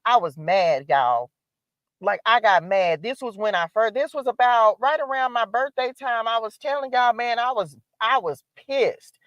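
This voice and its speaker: A woman's voice: on the high side, measured pace, no room sound. A woman hosting a spiritual live stream, giving an emphatic, preachy motivational talk that repeats its calls to action. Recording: dull lo-fi dry sound.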